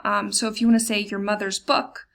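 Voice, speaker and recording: Woman teacher going through german grammar slides, bit of vocal fry, lots of ums. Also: medium pitch, little pitch movement, fairly bright tone. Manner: plain explanatory tone with frequent fillers; slows down for German example words. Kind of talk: recorded slide lesson.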